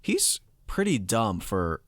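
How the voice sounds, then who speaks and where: A man's voice: fairly low pitch, huge pitch swings, slow, no echo, studio quality. A man co-hosting a podcast, talking casually in a hesitant, rambling way with lots of fillers. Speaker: podcast co-host. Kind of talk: casual chat.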